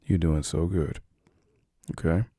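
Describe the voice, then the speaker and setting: A man speaking softly and soothingly as a caring boyfriend in a whispered role-play. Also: low-pitched, fairly even intonation, slightly rough, dry recording, studio quality. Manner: soft, slow, soothing reassurance.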